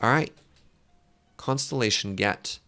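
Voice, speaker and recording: A man with a low, gravelly voice chats on a game live stream, joking at his own expense and talking straight to his viewers. Soft game music plays faintly underneath. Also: takes it slowly. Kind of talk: casual live-stream chat while gaming.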